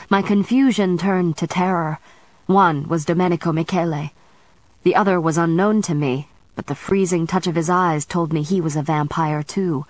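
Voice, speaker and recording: Woman audiobook narrator, steady first-person storytelling, lowish voice. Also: no echo, rough recording.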